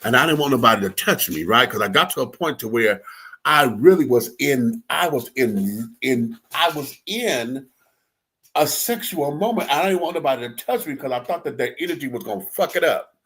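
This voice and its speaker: A man in his forties on a radio talk show, telling a personal story in a lively, profane, animated way. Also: medium pitch, normal speed, husky. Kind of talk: casual storytelling chat.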